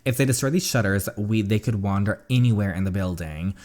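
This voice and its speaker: A careful, calm teenage boy leading his friends through danger in a story game, read by a man in his own low voice. He gives plain, instructive warnings without much put-on character. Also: a little fast, close to an everyday voice. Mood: cautious. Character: calm teenage boy group leader, cautious.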